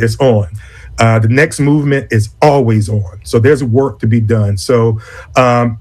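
Speaking as the executive director of a conference, a man answers interview questions in a medium-pitched, slightly mellow voice. He is earnest and deliberate, frequently breaking off to begin a phrase again.

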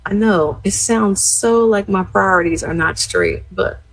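Chatty husky woman host. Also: mid-range voice, measured pace, no echo, low-quality recording. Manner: chatty, animated, talks straight to listeners. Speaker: radio host. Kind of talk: casual radio chat and shout-outs.

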